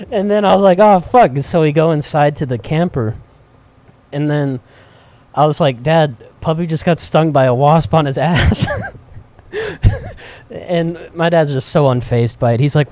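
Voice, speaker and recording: A man co-hosting a podcast, telling profane, animated anecdotes with frequent laughter in casual chat. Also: a little high. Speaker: podcast co-host. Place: cigar shop.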